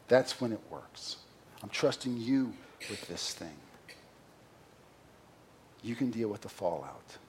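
A middle-aged man preaching a sermon as senior pastor, earnest and confessional, moving between loud emphasis and quiet asides. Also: on the low side, animated, slow, pauses often, a little hiss or hum. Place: church sanctuary.

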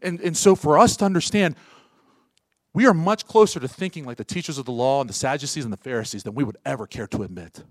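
A man preaching a sermon as pastor, firing rhetorical questions at the congregation and swinging from loud urgent peaks to soft hushed asides. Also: mid-range voice, fast talker, dry recording.

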